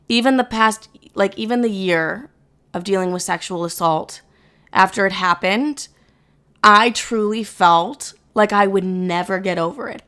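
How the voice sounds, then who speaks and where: Bright-voiced blunt young woman podcaster. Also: medium pitch. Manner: candid, blunt, swears freely. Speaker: podcast host. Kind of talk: casual solo podcast talk.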